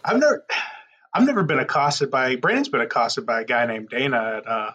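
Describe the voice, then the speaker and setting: A man's voice: mid-range voice, big pitch swings, a little fast, a bit bright, breathy edge. A man co-hosting a casual podcast chat, teasing his friend with hesitant restarts. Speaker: podcast co-host.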